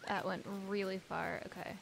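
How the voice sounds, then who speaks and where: A young woman streaming a video game, excitable, yelping and swearing as she plays. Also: medium pitch, moderate pace, vocal fry, background noise. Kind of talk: live gameplay commentary.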